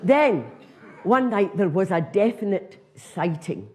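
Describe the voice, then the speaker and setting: A woman's voice: medium pitch, takes it slowly, some chatter behind. An older Scottish woman, a comedian telling a self-mocking story in a chatty stand-up style. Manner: conversational, self-mocking, lively.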